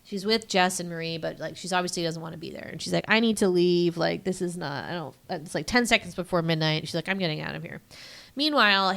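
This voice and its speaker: With a lowish, gravelly and slightly bright voice, a young podcast co-host retells a film casually, rambling, leaning on fillers and performing quotes from it.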